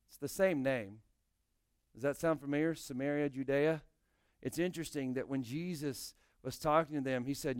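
A man's voice: a little high, clean tone, no echo, studio quality. A male pastor preaching a sermon, explaining scripture and speaking directly to his congregation.

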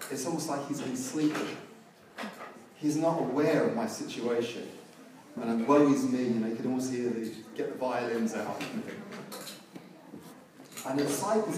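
A man preaching a sermon, telling a story and rising to loud, emphatic peaks. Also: medium pitch, noisy background. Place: large church hall. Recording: echoey church hall, mic at a distance.

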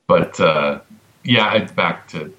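A man on a casual podcast giving an advocacy update, halting with many ums and restarts and a dry sense of humor. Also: low-pitched, bright, forceful tone, highs cut off.

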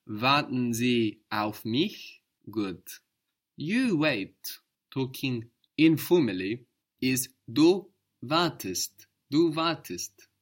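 A male teacher leads a spoken language lesson at a slow, measured pace. He explains patiently and repeats words carefully for his student to copy. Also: mid-range voice, big pitch swings.

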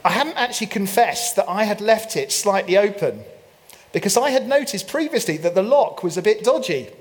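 Pastor preaching with playful humor. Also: male voice, high-pitched, expressive, moderate pace. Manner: playful storyteller, mock French asides. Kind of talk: sermon with humorous anecdote. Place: church.

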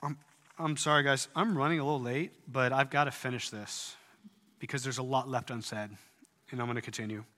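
A man preaching a sermon in earnest tones, rising at times to loud, emphatic peaks. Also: medium pitch, fairly even intonation, a little fast, in a large hall. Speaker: pastor.

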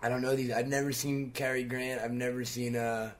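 Joking man asking quick questions. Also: mid-range voice, level tone, a little hiss or hum. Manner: quick-fire questions, jokey. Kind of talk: casual chat.

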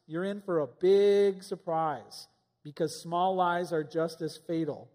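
High-voiced preacher man in a reverberant hall. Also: steady tone, slow, darkish tone. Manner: conversational, asks rhetorical questions. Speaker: pastor. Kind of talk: sermon.

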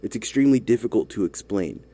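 A man's voice: lowish voice, lively intonation, quick pace, dark tone. A man from the United States in a casual comedic chat, rambling, laughing often and trailing off.

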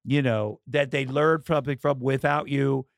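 A middle-aged man, a comedian and podcast guest, in casual chat, telling candid stories with halting fillers and acted-out dialogue. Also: medium pitch, fairly even intonation, creaky, no room sound, clean studio sound.

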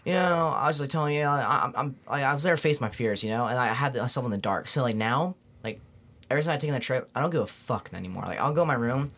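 A young man talks quickly on a podcast, piling up words in a loose, excitable ramble. His storytelling is casual and full of slang fillers, with a mid-range voice. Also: medium pitch. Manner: rambling, excitable, heavy on "like" and "bro". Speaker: podcast guest.

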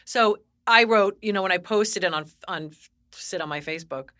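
Bright-voiced woman chatting animatedly. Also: mid-range voice, normal speed, no room sound, studio quality. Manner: animated, emphatic, teasing. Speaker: podcast co-host. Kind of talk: casual chat.

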